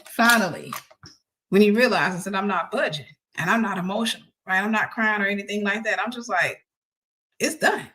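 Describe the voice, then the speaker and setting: A woman host telling a personal story in an animated way, laughing and acting out the voices of the people in it. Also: mid-range voice, a little fast.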